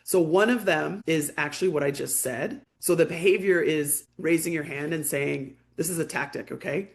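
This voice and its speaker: A woman coach talks a group through confidence skills on a video call, her voice carrying a gravelly fry. She speaks conversationally and often acts out quoted back-and-forth as she tells stories. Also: deep voice, normal speed. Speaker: communication coach.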